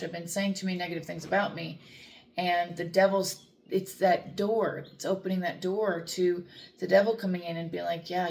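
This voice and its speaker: A woman's voice: on the low side, creaky, a little hiss or hum. A woman who works as a dog trainer, talking earnestly about faith and self-talk in a rambling way, with many fillers and restarts. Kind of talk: reflective faith talk to camera.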